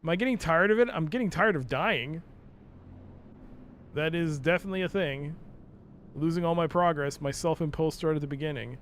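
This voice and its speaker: A man's voice: a little high, moderate pace, pauses often, a bit bright, a little hiss or hum. A young man streaming a game live, rambling and mocking himself as he talks to himself and his chat, full of fillers. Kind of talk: casual live-stream commentary.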